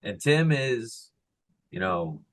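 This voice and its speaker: A man co-hosting a podcast in a casual live chat, animated and joking one moment, soft and sincere the next. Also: fairly low pitch, slow, slight background noise. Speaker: podcast co-host.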